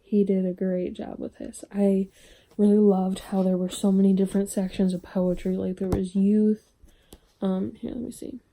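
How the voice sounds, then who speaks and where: A young woman chatting casually to camera in a book vlog at home, drifting into soft whispers. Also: medium pitch, flat delivery, normal speed, low-quality recording. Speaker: book vlogger.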